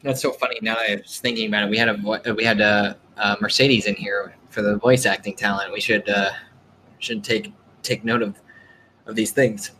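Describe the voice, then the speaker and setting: A man hosting a casual gaming chat, talking in an animated, rambling way with lots of fillers. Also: on the low side, normal speed, slight background noise, rough recording. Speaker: podcast host.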